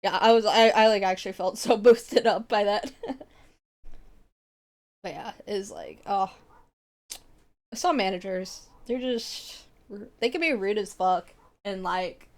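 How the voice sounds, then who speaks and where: Young woman, streamer, casual chat, rambling, swears a lot, laughs often, mid pitch.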